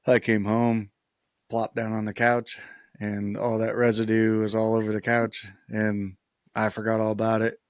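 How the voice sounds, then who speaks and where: Male podcast host, lowish voice, relaxed casual chat, dry close sound. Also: moderate pace, no echo.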